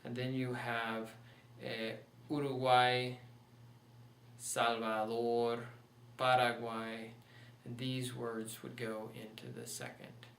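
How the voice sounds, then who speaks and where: A man's voice: medium pitch, flat delivery, slow pace, fairly bright tone, recorded from a distance, a little hiss or hum. A man teaching a recorded Spanish pronunciation lesson, patiently walking through examples step by step. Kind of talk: recorded online lecture. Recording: echoey room, voice off-mic.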